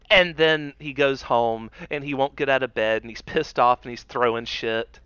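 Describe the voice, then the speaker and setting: A man's voice: medium pitch, steady tone, moderate pace, pushed and bright, clear, resonant tone, no echo, muffled recording. A man co-hosting a casual political chat podcast, sarcastic and swearing as he mocks what he quotes.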